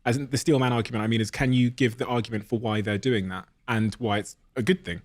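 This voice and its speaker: A man's voice: medium pitch, steady tone, fast. A man hosting a podcast, asking a guest curious, engaged questions. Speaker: podcast host. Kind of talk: interview questions.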